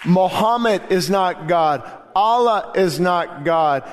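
A male pastor with a notably high voice preaches to his church congregation. His delivery is fervent and earnest, building from quiet reflection up to loud, emphatic proclamations. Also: lively intonation, takes it slowly, some chatter behind. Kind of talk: sermon. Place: church sanctuary during a service.

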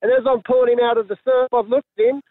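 A man's voice: extremely high pitch, steady tone, fast, dry recording. A man calling in to a radio show, telling a rambling story over the phone. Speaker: caller. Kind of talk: phone-in anecdote. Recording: tinny phone line.

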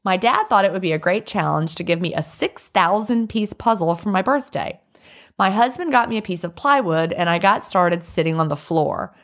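Woman, podcast co-host, reading listener letters, low voice, gravelly fry, chatty. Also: animated, normal speed, fairly bright tone. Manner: chatty, laughs often, reads letters aloud.

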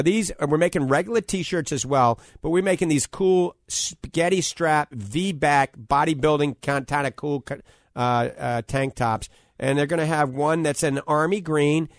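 A man hosting a talk radio show, chatting casually and reading out phone numbers slowly. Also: fairly high pitch, no room sound, clean studio sound. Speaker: radio show host and eye doctor. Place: radio studio.

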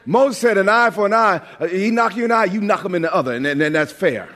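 A man from New York preaching with a high, bright-pitched voice and a lively, joking delivery that stumbles over repeated words. His sermon rings out through a large church sanctuary with a long, lingering reverb. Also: fast. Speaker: pastor.

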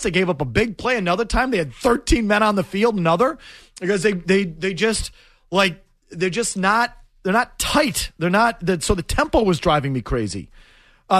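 A man's voice: high voice, no echo. A man hosting a sports talk show, ranting in an emphatic, exasperated way. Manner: animated, emphatic, exasperated rants.

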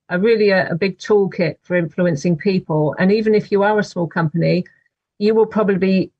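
A woman, an author, answering interview questions in a measured, thoughtful way. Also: fairly low pitch, no echo, lo-fi sound. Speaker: author guest.

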